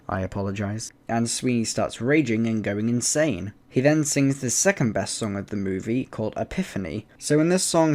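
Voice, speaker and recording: A man's voice: medium pitch, darkish tone. A man casually recapping a horror film for his channel, with jokey, self-deprecating asides. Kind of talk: casual comedic movie recap.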